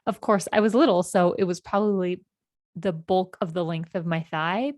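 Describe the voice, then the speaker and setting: A woman's voice: lowish voice, normal speed, no room sound, studio quality. Reflective woman in her forties telling stories. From California. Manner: meandering, reflective, gentle self-corrections. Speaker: podcast host. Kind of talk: reflective personal storytelling.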